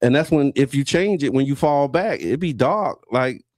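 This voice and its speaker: A man's voice: mid-range voice, animated, darkish tone, no echo, clean studio sound. A middle-aged man co-hosting a morning radio show, chatting casually with many restarts. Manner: chatty, halting, quick restarts. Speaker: radio co-host. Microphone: studio mic.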